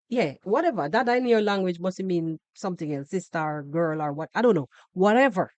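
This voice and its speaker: A woman's voice: lowish voice, expressive, a little slow, pauses often, darkish tone, lo-fi sound. A Jamaican woman hosting a podcast, giving sarcastic, scolding reaction commentary on a video and slipping into patois. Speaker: podcast host.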